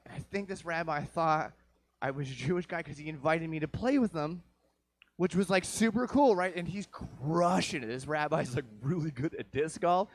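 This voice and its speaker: A man's voice: on the high side, normal speed. A man doing a crude, rambling stand-up set, swearing often and checking in with the crowd. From Vancouver area, Canada. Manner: crude, profane, rambling with frequent "right?". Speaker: stand-up comedian. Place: comedy show stage.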